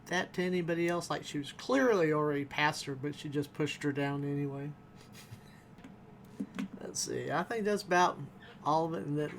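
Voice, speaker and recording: A man's voice: fairly high pitch, slight background noise. A man casually reviewing a TV episode, rambling and chuckling as he goes.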